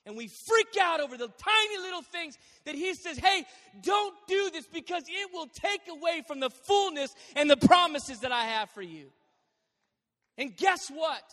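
A man preaching a sermon as a pastor, animated and joking as he tells stories. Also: extremely high pitch. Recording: long hall reverb.

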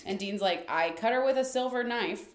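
A woman co-hosting a casual podcast, retelling scenes with animated character voices and dry, teasing asides. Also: mid-range voice, moderate pace. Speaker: podcast co-host. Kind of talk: casual TV recap chat. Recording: echoey room.

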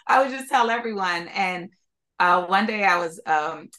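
A woman from Philadelphia, a podcast guest, telling her story in an interview in an animated, expressive way and laughing often. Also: medium pitch, moderate pace. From Philadelphia, USA.

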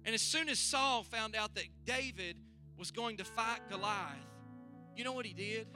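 A man preaching a sermon as pastor, building to loud, fervent calls and asking the congregation to answer back. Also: high voice, moderate pace, over music. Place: church service.

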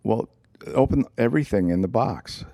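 A man co-hosting a podcast in casual chat, rambling with halting restarts. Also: mid-range voice, animated, warm tone, no room sound. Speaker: podcast co-host.

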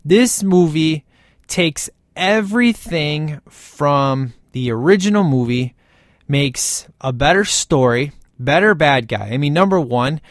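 A man's voice: on the high side, animated, slow pace, dry recording, clean studio sound. Enthusiastic man reviewing a movie. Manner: enthusiastic, rambling with restarts.

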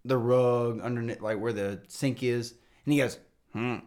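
A man telling a profane roommate story in casual chat, excitable and laughing often. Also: medium pitch, moderate pace. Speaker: guest roommate.

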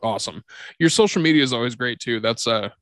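A man's voice: mid-range voice, fast, dry recording. A man hosting a podcast in casual chat, telling stories with energy and swearing freely. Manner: animated storyteller, swears freely. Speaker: podcast host.

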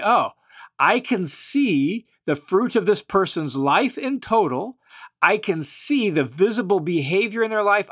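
A Bible teacher with a slightly higher-than-usual male voice and a fairly bright tone works through scripture verse by verse. He explains each point patiently, then puts it again in simpler terms, leaning emphatically on the key phrases.

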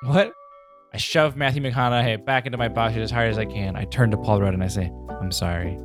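A man's voice: fairly low pitch, fairly even intonation, fairly quick, over music. Playful male podcast co-host. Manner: playful, directs the turns. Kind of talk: improvised story game, casual chat.

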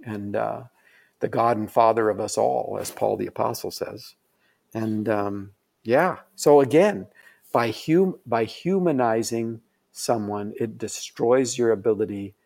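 A man's voice: lowish voice, measured pace, vocal fry, a little mellow. A middle-aged man telling a story in casual conversation, rambling with lots of fillers and restarts. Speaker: guest.

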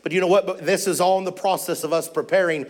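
A man preaching, telling a personal testimony as a missionary, animated and rising to urgent exclamations. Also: high-pitched, fast. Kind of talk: storytelling sermon.

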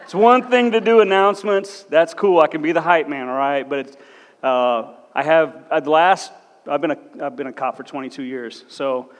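A man's voice: fairly high pitch, moderate pace. A man in his forties, a police officer, giving a blunt, self-deprecating, joking talk as a church guest speaker. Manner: blunt, no-nonsense. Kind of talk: humorous church talk with personal stories. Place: large church hall. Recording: echoey church hall with long reverb.

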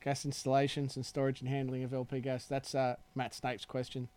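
A man's voice: mid-range voice, completely flat delivery, fairly quick, darkish tone. A man hosting a casual chat, reading out listener questions with dry, wry humor. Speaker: host.

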